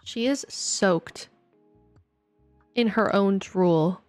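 A woman's voice: medium pitch, very slow, soft background music. A young woman live-streaming at home, joking and self-deprecating as she plays and reads her chat aloud. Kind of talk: casual live-stream chat while playing.

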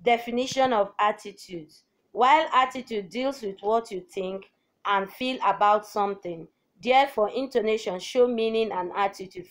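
A woman teacher giving a formal televised lesson, reading out each point of her outline in a measured, deliberate way. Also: mid-range voice.

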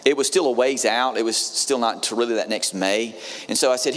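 A male pastor telling a sermon story in a mid-range voice. He restarts his phrases often and becomes lively when he quotes people. The sound has the long reverb of a large church hall. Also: mid-range voice, brisk. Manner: storytelling, frequent restarts, animated when quoting others. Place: church sanctuary.

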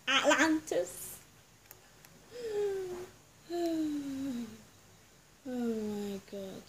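A woman's voice: sits high, a little hiss or hum. A woman hosting a casual gaming video, giggling and chatting straight to her viewers as she plays. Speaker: gameplay video host.

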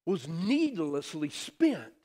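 A middle-aged man preaching a sermon as pastor, telling stories with animated emphasis that drops to soft, quiet phrases. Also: fairly high pitch, slow pace. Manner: animated storytelling, swings from loud emphasis to soft near-whispers. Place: church sanctuary. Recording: long hall reverb.

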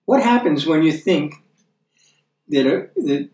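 American man, Bible teacher, somewhat high voice, chatty with tag questions, slows down for scripture. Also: animated, a little mellow. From United States. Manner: chatty, checks in with tag questions like "okay?" and "right?". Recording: echoey room, voice from a distance.

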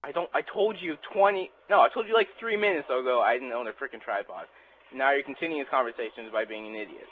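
Loud mocking young man teasing a friend. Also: mid-range voice, lively intonation, quick pace, low-quality recording. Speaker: gamer in online party chat. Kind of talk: casual argumentative banter.

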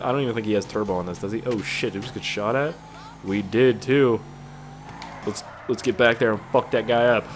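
A man's voice: lowish voice, fairly quick, a little hiss or hum. Profane, rambling young gamer guy. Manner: rambling, profane, jokey, excitable outbursts. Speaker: gaming YouTuber. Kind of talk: casual let's-play commentary.

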